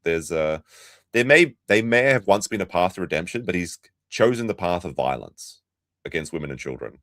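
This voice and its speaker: A man's voice: sits low, lively intonation, normal speed, fairly bright tone, no room sound, studio quality. A man hosting a reaction commentary, mocking the clips he plays and talking to his chat. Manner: mocking, sarcastic, talks to chat. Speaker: commentary channel host.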